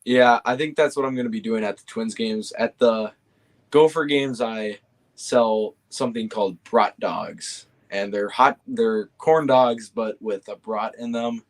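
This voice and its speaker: A young man talks in an easygoing, unhurried way, his voice sitting on the low side. He hesitates often, stacking fillers and restarting sentences as he chats. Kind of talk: casual chat.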